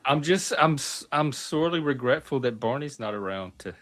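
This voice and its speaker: A man's voice: medium pitch, expressive, moderate pace, a bit bright, a little hiss or hum. A middle-aged man hosting a casual panel chat, amused and self-deprecating. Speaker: panel host.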